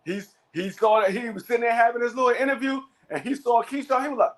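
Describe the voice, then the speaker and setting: A man talks boxing as co-host in a casual chat. His voice sits high for a man. He stammers through restarts and acts out what others said. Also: fast, hardly any pauses, rough recording. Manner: stammering restarts, animated retelling.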